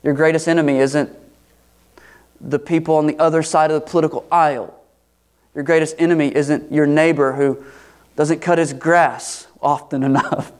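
A man preaching an expository sermon, acting out the quoted voices with rising pitch. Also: flat delivery, moderate pace, smooth. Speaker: pastor.

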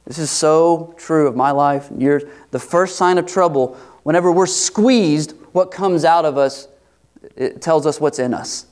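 A man preaching through a scripture passage. His voice sits a bit high for a man, and he swings into animated, higher-pitched voices whenever he acts out a quote. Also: measured pace. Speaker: pastor. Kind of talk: expository sermon.

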